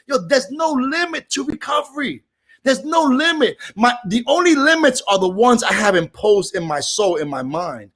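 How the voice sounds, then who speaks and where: High pitched new york guy, middle aged, sharing at a recovery meeting, loose and lively, keeps shouting out bits. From Brooklyn, New York. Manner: animated, street-casual, bursts into shouts.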